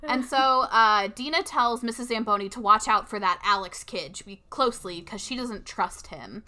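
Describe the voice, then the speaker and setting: Bright, chatty young woman. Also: mid-range voice, animated, normal speed. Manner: chatty, heavy use of filler "like". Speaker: podcast co-host. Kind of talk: casual podcast chat recapping a movie.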